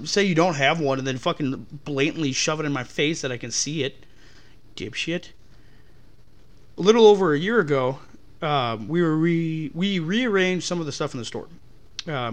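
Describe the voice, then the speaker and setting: A man's voice: on the high side, a bit bright. A young man hosting a podcast, ranting in a profane, exasperated way. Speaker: podcast host. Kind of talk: ranting about customers.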